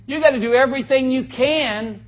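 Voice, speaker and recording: Folksy high-voiced preacher. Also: male voice, fairly quick, lo-fi sound. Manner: folksy, joking, calls for amens. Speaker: pastor. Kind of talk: sermon. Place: church.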